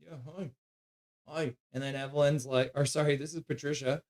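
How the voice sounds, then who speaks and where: Chatty streamer, slightly high voice. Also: male voice, fairly even intonation, normal speed. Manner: chatty, switches into soft baby talk to his dog. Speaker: streamer host. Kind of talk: live hockey play-by-play and chat reading.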